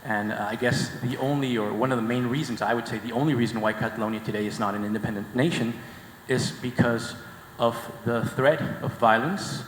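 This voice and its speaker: A man from the audience asking a question at a conference, earnest and halting, with many fillers. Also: mid-range voice, fairly even intonation. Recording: echoey hall, faint background noise.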